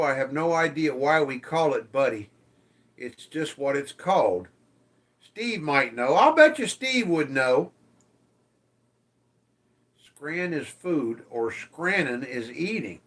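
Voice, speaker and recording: A man's voice: a little high, animated, slow pace, pauses often, fairly bright tone. A man hosting a casual livestream, reading viewer comments aloud and teasing them, swearing freely. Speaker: livestream host.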